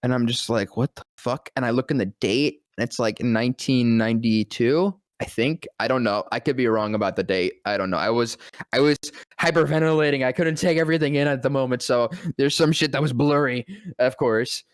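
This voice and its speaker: A voice actor telling a breathless, profane, self-mocking story on a podcast. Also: male voice, medium pitch, brisk, no echo, studio quality. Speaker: voice actor and guest. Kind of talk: excited anecdote telling.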